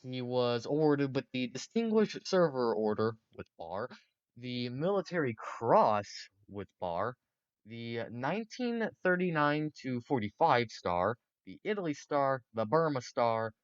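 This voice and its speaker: A man's voice: mid-range voice, big pitch swings, a little slow, clear, resonant tone, no echo, muffled recording. A man casually narrating history for a video, rambling and joking with many fillers.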